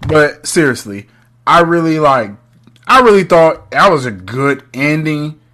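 A man co-hosting a loose, profane podcast chat, his voice lifting and dropping as he recaps scenes. He sits a touch high in pitch and acts out bits of dialogue on the fly. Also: unhurried. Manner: animated, profane, acts out lines. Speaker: podcast co-host.

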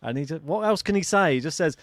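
A man co-hosting a podcast, chatting casually about tennis, animated and laughing often. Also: a little high, quick pace, no room sound, studio quality. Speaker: podcast co-host.

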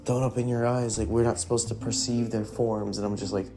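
A man's voice: lowish voice, little pitch movement, fairly quick, dark tone. A young man casually telling a ghost story from his youth, rambling and swearing, with lots of fillers. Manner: profane, rambling, heavy with fillers. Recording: faint guitar music behind.

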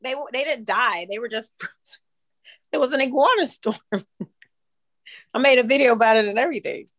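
Lively Florida woman chatting. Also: fairly high pitch. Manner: animated, quick to laugh, playfully exaggerated. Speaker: podcast co-host. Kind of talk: casual chat.

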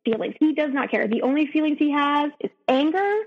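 A woman, a podcast guest, recounting her own story in an emotional, halting way full of restarts. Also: high-pitched. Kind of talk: personal storytelling. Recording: dull, echoey recording.

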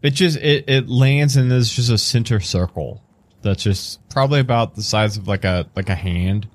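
A man narrating as game master in a tabletop game, describing scenes haltingly with fillers and reading a riddle out slowly and solemnly. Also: medium pitch. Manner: reads the riddle in a raised, slow, solemn voice.

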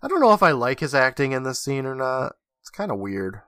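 A man's voice: mid-range voice, fairly quick, dry recording. Man recapping a show, very dry sound. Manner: animated retelling, acting out lines. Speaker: podcast co-host. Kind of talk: casual episode recap.

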